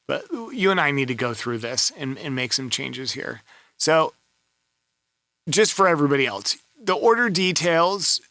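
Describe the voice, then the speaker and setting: A man talks through a voiceover seller's gig in loose, casual commentary, coaching with blunt, offhand remarks. His voice is bright and forward at a middling pitch. The recording is dry and close, with almost no room sound. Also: no room sound. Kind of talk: casual screen-review commentary.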